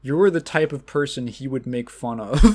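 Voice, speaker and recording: A man's voice: medium pitch, a little mellow. A man hosting a podcast in casual chat, rambling and swearing, laughing often and acting out quoted exchanges. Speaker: podcast host.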